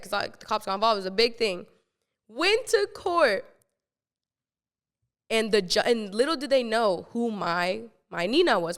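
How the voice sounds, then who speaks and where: A young woman hosting a podcast and telling a story casually, animated, swearing freely and acting out what she said back then. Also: a little high, smooth, big-room sound. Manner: animated, swears freely, acts out her own quotes. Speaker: podcast host.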